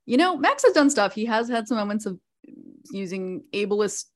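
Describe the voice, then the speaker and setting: A woman guest on a podcast, chatting casually and telling stories with quick asides. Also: mid-range voice, big pitch swings. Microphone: proper podcast microphone.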